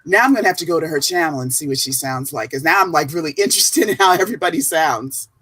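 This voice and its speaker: Low, husky New woman. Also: fast, no room sound. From New Jersey. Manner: animated, laughs often. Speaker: guest writer. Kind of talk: casual livestream chat.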